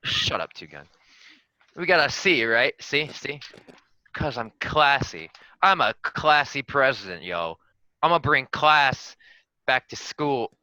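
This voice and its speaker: A man's voice: medium pitch, big pitch swings, slow, pushed and bright, no room sound, heavily acted, low-quality recording. A man giving a boastful, crude comedic campaign speech as a tabletop player. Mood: cocky. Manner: boastful, swaggering, crude jokes.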